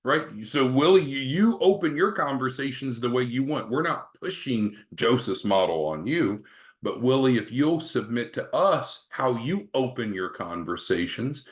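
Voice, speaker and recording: A man's voice: mid-range voice, expressive, measured pace. A man leading a sales training meeting, upbeat, coaching and calling on team members by name.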